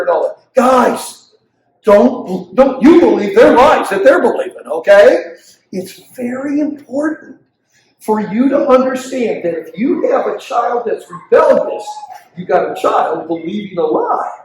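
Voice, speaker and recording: A high-voiced older man preaching a parenting talk with big swings in his delivery. He slips into the voices of children and parents as he teaches. The sound is roomy, with a faint hum of ambience behind him. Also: measured pace, distant mic. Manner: animated preacher who acts out quotes of kids and parents. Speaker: pastor leading a parenting session. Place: church hall.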